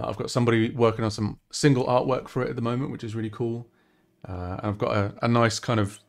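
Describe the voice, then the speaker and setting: A man chatting casually on a live stream while working on a song, talking things through and poking fun at himself. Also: lowish voice. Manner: chatty, self-deprecating, thinking aloud. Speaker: musician streaming his song production.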